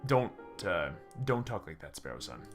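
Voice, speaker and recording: A man voicing an awkward, polite male falcon lawyer in a game, halting with many hesitations. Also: low voice, big pitch swings, gravelly, faint music behind, pitched below the performer's own voice, exaggerated voice.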